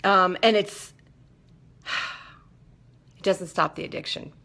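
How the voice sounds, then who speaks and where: A woman's voice: lowish voice, slow pace, gravelly, pushed and bright. A woman hosting a live talk, speaking emphatically and often checking in with her listeners. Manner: emphatic, keeps checking in with okay and right. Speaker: host. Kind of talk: casual live monologue.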